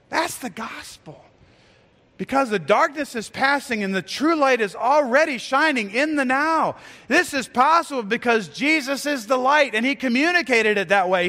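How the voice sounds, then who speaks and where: High-voiced man preaching in an echoey hall. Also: lively intonation, normal speed, bright, forceful tone. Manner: earnest, repeats words and restarts phrases. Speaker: pastor. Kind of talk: sermon. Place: church. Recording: reverberant church sanctuary.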